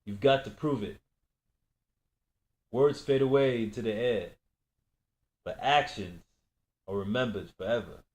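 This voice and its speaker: A man's voice: mid-range voice, measured pace, pauses often, a little mellow, lightly acted. A man reading a novel aloud, voicing a menacing gang boss who taunts and persuades in a raised voice. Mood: persuading. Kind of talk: audiobook reading.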